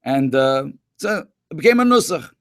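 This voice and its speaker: A man's voice: a little high, big pitch swings, normal speed, no room sound, studio quality. A man, a rabbi and educator, telling stories to schoolchildren in a conversational way, full of Hebrew and Yiddish terms. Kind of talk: storytelling talk to schoolchildren in a webinar.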